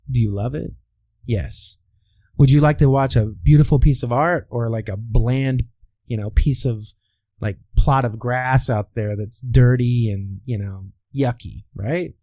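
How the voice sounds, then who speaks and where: Talking a little slowly in a medium-pitched, dark-toned voice, a voice coach from the American Midwest guests on an interview, where he explains in a teacherly way and fields his own rhetorical questions. There is no room sound.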